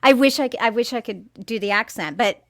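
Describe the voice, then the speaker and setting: A woman's voice: fairly high pitch, brisk, a bit bright. A woman chatting casually as a panelist on a film review podcast, talking in loose asides and laughing often.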